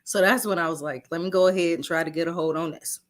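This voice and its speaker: A woman guest telling personal stories in a casual interview, animated and giggling, acting out what others said. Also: on the low side, quick pace. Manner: acts out other people's lines in shifting voices.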